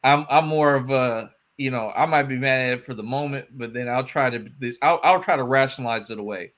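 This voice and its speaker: A man's voice: medium pitch, brisk, fairly bright tone, lo-fi sound. A man co-hosting a casual podcast chat, laid-back and chuckling as he talks. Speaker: podcast co-host.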